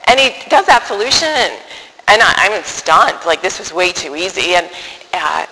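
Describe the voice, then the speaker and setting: Bright-voiced woman telling a story. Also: on the low side, big-room sound, a little hiss or hum, low-quality recording. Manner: animated, self-deprecating, halting restarts. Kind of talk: personal storytelling to an audience.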